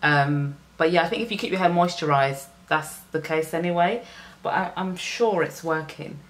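A young woman chatting casually to her viewers in a home hair care vlog, with lively exclamations. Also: deep voice, normal speed. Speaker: natural hair vlogger.

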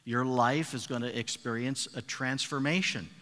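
A male pastor preaching with a bright, forceful voice, pressing each point home and circling back on key phrases. His words ring out through the long reverb of a church sanctuary. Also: mid-range voice, moderate pace. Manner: emphatic, repeats key phrases. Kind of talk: sermon.

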